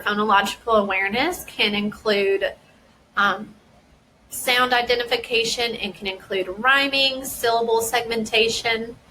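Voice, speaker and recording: Slow, crisp-voiced woman explaining. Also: mid-range voice, sharp tone, slight background noise, low-quality recording. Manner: slow, deliberate, carefully sounding out word parts. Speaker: school dyslexia specialist. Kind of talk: instructional explanation.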